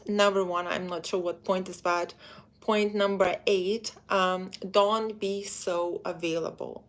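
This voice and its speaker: A woman's voice: on the low side, fairly even intonation. A woman giving dating advice in a live stream, talking straight to her female viewers in a chatty, direct way. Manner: acts out quoted men in quick put-on voices. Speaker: dating coach.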